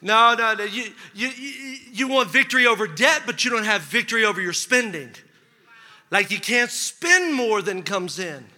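A male pastor preaching a sermon, telling a story with lively acted-out dialogue. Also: high-pitched, normal speed. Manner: animated storytelling, acts out dialogue. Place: church sanctuary. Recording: long hall reverb.

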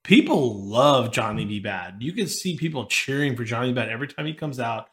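A man's voice: medium pitch, expressive, brisk. Male podcast co-host, easygoing, reads facts from notes. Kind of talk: casual chat.

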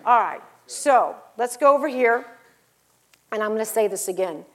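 A woman with a fairly high voice preaches a sermon in middle age. She tells stories and acts out the voices in them, and she pushes the congregation to get louder. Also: lively intonation, normal speed. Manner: rising to loud exhortation.

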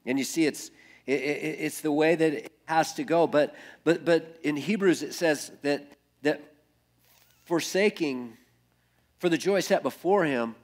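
Male pastor, mid-range voice, earnest sermon delivery that builds through repetition and sinks to near-whispers. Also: mid-range voice. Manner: earnest, builds with repeated phrases, often drops to a hush.

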